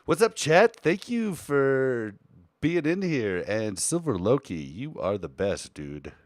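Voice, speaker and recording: A man co-hosting a live podcast in casual chat, animated and shifting between his deeper everyday voice and a lighter, softer one. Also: slow, dry recording. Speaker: podcast co-host and streamer.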